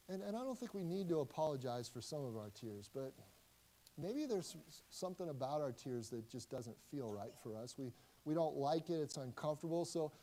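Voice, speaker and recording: A man, a pastor, preaching a sermon in a conversational way, with frequent restarts and slow, emphatic lines. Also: on the high side, warm tone, low-quality recording.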